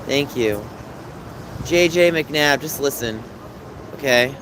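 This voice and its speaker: A man in his thirties talks with his viewers as he walks through the city at night. His voice sits at a middle pitch, with clear street and traffic noise behind it. He sounds chatty and openly emotional while he answers comments. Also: slow. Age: 30s. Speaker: livestreamer. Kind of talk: casual livestream chat.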